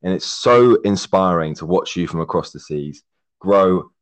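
A young man with a very low voice chats as a podcast guest. He rambles with plenty of fillers and swears heavily, saying mate every few lines. His delivery is effusive and openly affectionate toward his host. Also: animated, a little slow, clean tone. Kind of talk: casual chat. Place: remote call, living in Germany.

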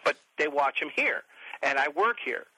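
Profane, animated man in his forties. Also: fairly high pitch, normal speed, slightly rough, dry recording, rough recording. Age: 40s. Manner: profane, animated storyteller who mimics others. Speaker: podcast guest. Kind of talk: casual chat.

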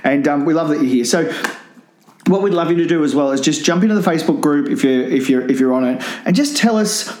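A man's voice: fairly high pitch, fast, a little mellow. A man around fifty co-hosting a casual podcast, joking and rambling with frequent laughs. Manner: jokey, rambling, laughs often. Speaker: podcast co-host. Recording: roomy echo.

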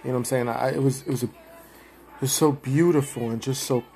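A Puerto Rican man hosting a podcast, talking casually and from the heart, rambling at times as he gives shout-outs. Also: mid-range voice, fairly even intonation, fast talker, gravelly, soft background music. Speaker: podcast host.

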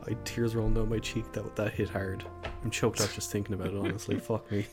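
A man's voice: on the low side, flat delivery, fast talker, loud music behind the voice. A man co-hosting a podcast in casual chat, emphatic and swearing freely as he gushes about a film. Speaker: podcast co-host.

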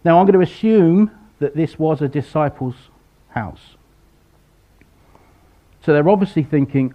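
A man delivers a sermon at an unhurried pace, his voice rising and falling a lot as he acts out the people in the story. The recording sounds dull and lo-fi. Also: a little high, lively intonation. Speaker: preacher.

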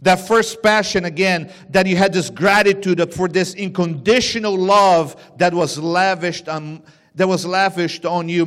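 A man preaching a sermon, swinging between loud emphatic bursts and hushed, low lines. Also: measured pace. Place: church sanctuary. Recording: long reverb of a church hall.

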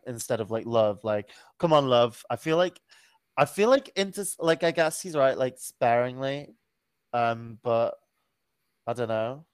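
A man's voice: mid-range voice, clean tone, no echo. A man co-hosting a podcast, chatting casually, swearing freely and often correcting himself with lots of ums. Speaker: podcast co-host. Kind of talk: casual chat.

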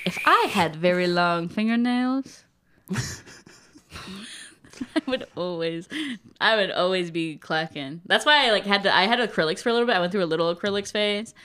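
Young female podcast co-host, bright tone, rambling and giggly. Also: mid-range voice, animated, normal speed, clean tone. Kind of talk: casual chat.

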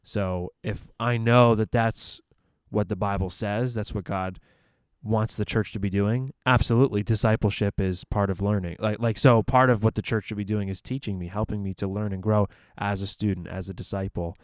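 A man's voice: fairly low pitch, fairly even intonation, normal speed, hardly any pauses, clean tone, no room sound, clean studio sound. A man who ministers at a church, talking through ideas about the church's purpose in a casual discussion, thinking aloud with fillers and restarts.

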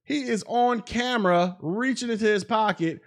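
Speaking at a normal speed in a high-pitched voice, a male podcast host delivers casual commentary. He's blunt and mocking and laughs at his own jokes.

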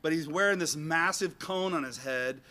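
A man telling an animated personal story to an audience in a rambling, self-mocking way, acting out bits of dialogue. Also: fairly high pitch, moderate pace.

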